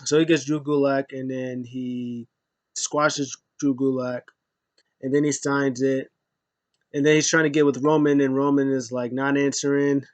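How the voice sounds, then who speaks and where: A man's voice: mid-range voice, little pitch movement, a little slow, dry recording. A man giving a loose, rambling recap of a wrestling show, full of fillers and asides. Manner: rambling, filler-heavy retelling. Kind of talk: casual recap chat.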